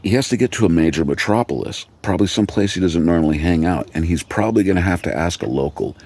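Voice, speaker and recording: A man in a rambling, comic monologue, swearing freely and stumbling over restarts as he works through his idea. His voice is very low and gravelly. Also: expressive, quick pace, darkish tone. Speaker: video creator. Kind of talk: casual comedic rant.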